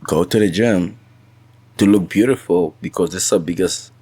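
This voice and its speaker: A man's voice: low-pitched, moderate pace, warm tone, slightly rough, no echo. A man talking as a podcast guest in a casual chat, earnest, often stammering and restarting his sentences.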